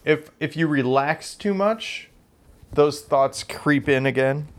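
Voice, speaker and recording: A man's voice: fairly high pitch, slow. A man co-hosting a podcast in casual chat, telling rambling self-deprecating stories full of fillers. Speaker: podcast co-host.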